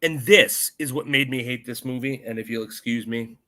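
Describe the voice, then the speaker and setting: A man's voice: medium pitch, normal speed, bright, forceful tone. A man co-hosting a podcast, ranting sarcastically and swearing while reviewing a movie. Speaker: podcast co-host. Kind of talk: casual movie review chat.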